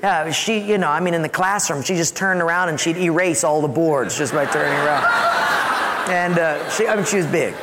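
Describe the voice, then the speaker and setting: A man preaching a storytelling sermon as a pastor, animated, acting out his own yelps and asides. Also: a little high, fairly quick, big-room sound, crowd noise.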